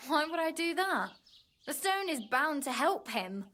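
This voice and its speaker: Fretful peasant wife, high voice, earnest, guarded, game dialogue. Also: female voice, big pitch swings, measured pace, bright, forceful tone, full character voice. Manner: earnest, guarded, then desperate pleading. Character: anxious peasant wife pleading for her sick husband.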